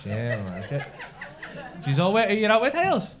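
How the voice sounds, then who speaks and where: Cheeky, sweary comedian, very animated. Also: male voice, sits high, moderate pace, some chatter behind. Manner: cheeky, sweary banter with the audience. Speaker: stand-up comedian. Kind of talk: stand-up crowd work. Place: comedy club stage. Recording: noisy live club, audience laughter.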